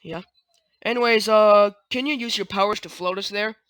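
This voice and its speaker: This is a speaker casually retelling cartoon scenes, rambling and hesitant, stopping and restarting often. The voice is bright and the sound is dry and close. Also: mid-range voice, moderate pace, clear, resonant tone, dry recording.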